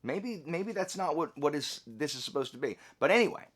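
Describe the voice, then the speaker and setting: A man's voice: on the high side, big pitch swings, fairly quick, hardly any pauses, breathy edge. A man hosting a book review channel, talking casually and rambling with asides and restarts. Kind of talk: casual chat to camera.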